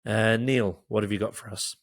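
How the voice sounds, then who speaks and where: A man's voice: fairly low pitch, fairly even intonation, normal speed, no room sound, clean studio sound. A man hosting a casual football podcast, joking around and swearing freely. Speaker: podcast host.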